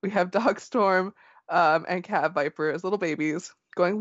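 A woman cohosting a podcast, casually recapping a manga chapter with fillers and soft laughs. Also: lowish voice, a little slow, no echo, dull audio. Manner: relaxed storytelling with fillers and gentle laughs.

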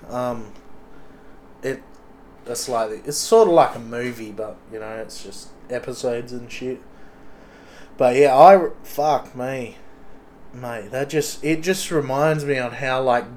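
A man's voice: medium pitch, darkish tone. A young Australian man with an Australian accent, rambling casually and swearing constantly in a loose monologue. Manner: sweary, rambling, blokey slang.

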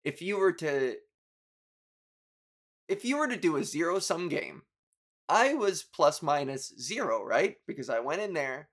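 A young man with a slightly high voice talks through a personal story on his podcast. He rambles, swears freely and mocks himself, flaring up now and then in exasperation. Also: big pitch swings, unhurried, long pauses, fairly bright tone. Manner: rambling, profane, self-mocking storytelling with bursts of exasperation. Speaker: podcast host. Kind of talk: casual podcast monologue.

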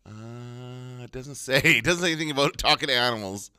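Animated guy on a podcast, bright tone, dry close mic, laughs a lot. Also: medium pitch, a little fast, clean tone, no room sound. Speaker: podcast co-host. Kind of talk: casual chat.

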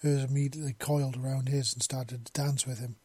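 A man's voice: mid-range voice, little pitch movement, brisk, dark tone, slightly rough, no echo. A man reading a romance story aloud, with small slips and restarts. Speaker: narrator. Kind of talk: amateur fiction reading.

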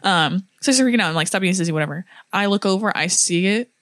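A woman's voice: mid-range voice, fast, a bit bright, dry recording, studio quality. A young woman from Florida, co-hosting a podcast and telling stories casually, with lots of fillers and laughter. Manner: chatty storyteller with many fillers and laughs. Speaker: podcast co-host. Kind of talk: casual chat.

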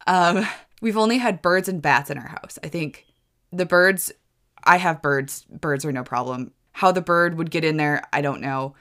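Low-voiced woman podcaster rambling through a story, trips over her words, jumps way up for quotes. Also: moderate pace, a bit bright. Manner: swoops high for quoted exclamations. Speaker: podcast host. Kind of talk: casual storytelling.

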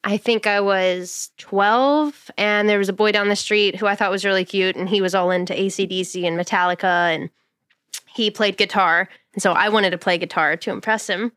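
A singer, chatty and energetic, telling her story in a podcast interview. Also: mid-range voice, moderate pace, no echo, studio quality. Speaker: singer and songwriter.

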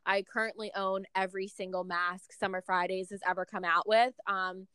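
A chatty young woman co-hosting a casual talk, her voice bright and smooth, with many fillers. She is recorded close and dry, with no room sound. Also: medium pitch, little pitch movement, normal speed, no echo. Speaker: podcast co-host. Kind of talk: casual chat.

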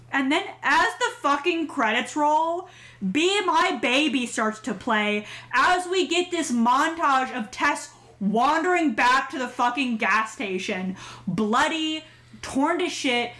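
Woman cohosting a horror podcast, kinda high voice that jumps all over, casual and swears a lot. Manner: animated, swears freely, rambling. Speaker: podcast co-host. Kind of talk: casual chat.

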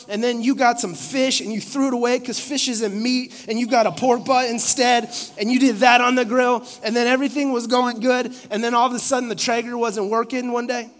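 Male pastor, high voice, comic storyteller, hall reverb. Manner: playful, acts out phone calls in quick asides.

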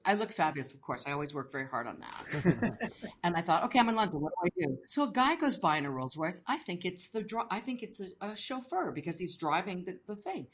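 Low-voiced animated woman telling stories. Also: fast, slight background noise. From United States. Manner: animated, acts out quoted voices, laughs often. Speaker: interview guest. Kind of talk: casual storytelling.

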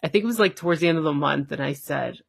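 A podcast guest, a woman, tells a personal story in casual, chatty talk packed with fillers and acted-out quotes. Her deep, husky voice has vocal fry and moves very fast. The recording is dry and clean, with studio sound.

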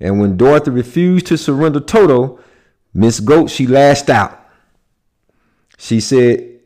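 Slow, deliberate American man lecturing. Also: mid-range voice, expressive, a little mellow. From United States. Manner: deliberate, checks in with "okay?". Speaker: speaker. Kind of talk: lecture on symbolism.

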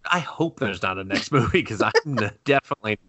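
A young adult man co-hosting a podcast in casual chat, animated and laughing, swearing freely and acting out scenes. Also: fairly low pitch, a little fast. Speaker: podcast co-host. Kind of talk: casual chat reviewing anime.

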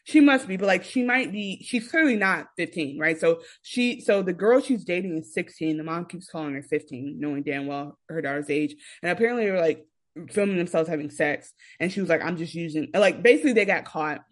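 A young woman co-hosts a podcast, chatting casually as she rambles through a recap and acts out quotes. Her voice is fairly low in pitch, animated and brisk.

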